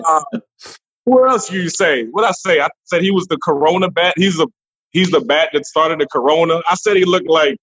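A husky, slightly high male voice, animated and quick to laugh as he rattles through stories with plenty of restarts. He is on a remote call, and the audio sounds dull and lo-fi, dry with no room sound. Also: no echo. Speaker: guest comedian. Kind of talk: casual interview chat.

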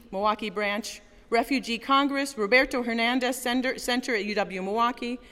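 This is a woman speaking at a community gathering, earnest and deliberate. Her phrases come in rhythmic, building lists. The voice rings out in a large hall with a long reverb tail. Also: a little high, a bit bright. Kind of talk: public rally speech.

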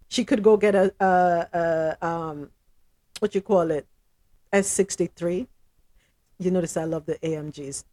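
A woman hosting a podcast in casual chat, blunt and animated, often laughing. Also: medium pitch. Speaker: podcast host.

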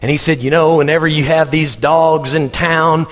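A man from Texas, preaching a sermon in an animated storytelling manner and laughing as he goes. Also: fairly high pitch, normal speed, in a large hall. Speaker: pastor.

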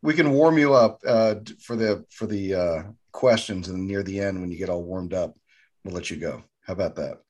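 Guy cohosting a podcast, husky lowish voice, upbeat and eager. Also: normal speed, darkish tone, lo-fi sound. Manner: upbeat, enthusiastic, says fantastic a lot. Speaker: podcast co-host. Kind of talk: casual podcast chat.

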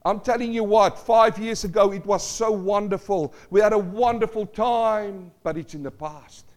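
Preaching pastor, loud then hushed. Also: male voice, sits high, moderate pace. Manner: dramatic, swings from loud cries to hushed asides; repeats phrases, asks the congregation questions. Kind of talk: sermon.

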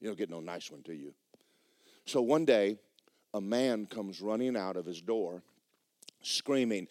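A man preaching in a church, telling a story and acting out the people in it with sudden loud bursts. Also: moderate pace, pauses often, no room sound, studio quality. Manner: animated, acts out quotes with sudden loud high bursts. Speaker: pastor. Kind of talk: sermon storytelling. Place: church sanctuary.

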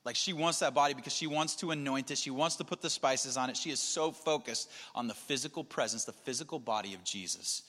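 A man's voice: medium pitch, fairly quick, hardly any pauses, pushed and bright. A man preaching a sermon in an earnest, conversational way, often restarting his phrases. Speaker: pastor. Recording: long hall reverb.

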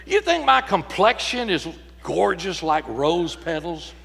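A hopeful young ranch woman angles for compliments from her shy cowboy, a man preacher doing her voice. The voice sits high and rings out in a long reverb, like a big sanctuary. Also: big pitch swings, measured pace, gravelly, fairly bright tone, exaggerated voice. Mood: coaxing. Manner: fishing for compliments.

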